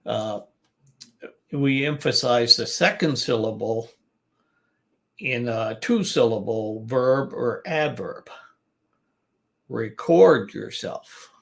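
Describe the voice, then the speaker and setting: A man's voice: medium pitch, slow pace, long pauses, a bit bright. An older man coaching business English in a chatty talk, restarting sentences and repeating words to show their stress. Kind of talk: informal online teaching talk.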